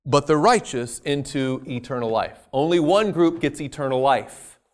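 A man preaching a sermon, stressing key words loudly and then dropping to quiet asides. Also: medium pitch, lively intonation, normal speed. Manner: emphatic, swinging between loud stresses and quiet asides.

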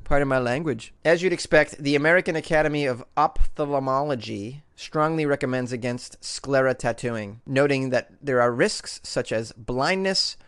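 A man from Massachusetts hosting a radio talk show, riffing on odd news stories in a wry, joking, animated way. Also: mid-range voice, normal speed, few pauses, clean tone.

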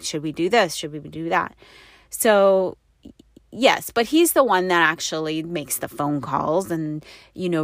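A woman with a lowish voice talks straight to the camera and tells a personal story. She rambles and corrects herself, with plenty of fillers and frequent laughs. The sound is dry and close, with no room echo. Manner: rambling and confessional, with many fillers and self-corrections; breaks into laughter often. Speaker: wife sharing a personal story.

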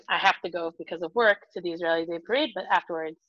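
A woman's voice: on the low side, quick pace, hardly any pauses, dry recording. Woman telling funny stories, dry and muffled. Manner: animated, acts out voices in her stories. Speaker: guest. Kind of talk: casual storytelling. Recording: dull, muffled sound.

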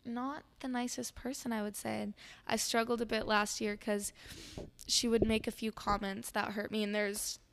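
A teenage girl chatting as a podcast guest, telling stories in a lively way with many fillers. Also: a little high, normal speed. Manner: chatty storytelling full of "like" fillers. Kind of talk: casual chat.

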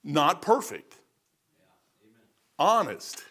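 A man's voice: a little high, expressive, fairly bright tone. An older man preaching a sermon in a folksy, rambling way, acting out the people in his stories. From Kentucky. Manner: folksy, rambling, acts out Bible figures in quick voices.

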